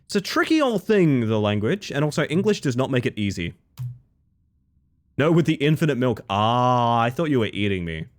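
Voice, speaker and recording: A young man chats with his stream audience in a loose, joking way. His voice sits at an ordinary pitch but swings up and down with a lot of life. He teases himself and keeps things light. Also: expressive, moderate pace. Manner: chatty, playful, self-mocking, laughs often. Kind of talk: casual gaming stream chat.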